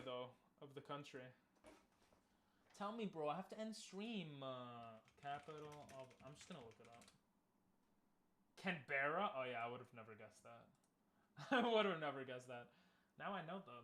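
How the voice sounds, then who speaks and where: A man's voice: on the high side, fairly bright tone. A man streaming, chatting casually and easygoingly with his viewers, laughing often.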